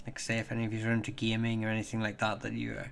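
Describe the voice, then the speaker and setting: A man hosting a casual livestream and chatting with viewers in a rambling, halting way, with many fillers and restarts. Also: lowish voice, monotone, creaky, slight background noise. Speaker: livestream host.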